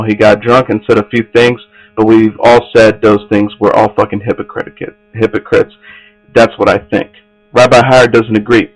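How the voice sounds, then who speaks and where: A man's voice: lowish voice, rough recording. A man hosting an entertainment news podcast, reading stories aloud with frequent slips and restarts.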